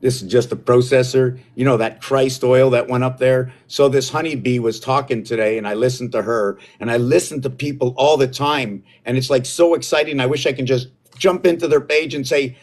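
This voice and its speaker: A man talking alone on a live stream in a mid-range voice. He rambles from one idea to the next, gets excited, and drifts off his own point. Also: mid-range voice, moderate pace. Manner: meandering, excitable, loses his own thread. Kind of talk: rambling solo livestream talk.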